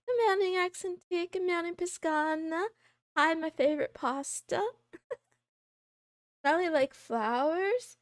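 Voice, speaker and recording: A woman streamer chats casually with her viewers in a very high voice. She talks slowly and playfully, teasing and grumbling about herself. The sound is dry and close, with no room around it. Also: dry recording. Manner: playful, greets chat by name, meows and giggles; complaining, self-deprecating. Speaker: VTuber streamer. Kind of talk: casual live-stream chat.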